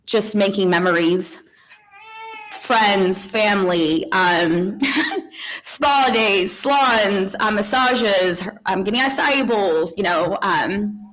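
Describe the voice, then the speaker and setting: A middle-aged woman, the mother, giving a eulogy at a memorial service. She talks in a conversational, halting way, with many ums and restarts, and soft tearful laughs between memories. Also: mid-range voice, rough recording.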